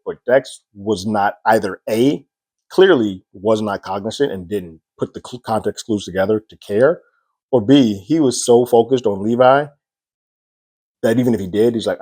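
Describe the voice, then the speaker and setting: A man recapping a TV episode in a loose, chatty way, quickly acting out the characters' lines as he goes. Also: on the low side, lively intonation, darkish tone, slightly rough, no room sound. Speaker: TV recap reviewer. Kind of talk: casual recap monologue.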